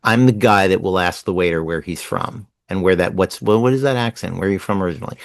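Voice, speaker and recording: A man in his sixties from New Jersey, telling stories fast and animatedly as a guest in a casual interview. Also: low voice, gravelly, dry recording. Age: 60s. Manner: fast-talking, animated storyteller. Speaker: guest writer.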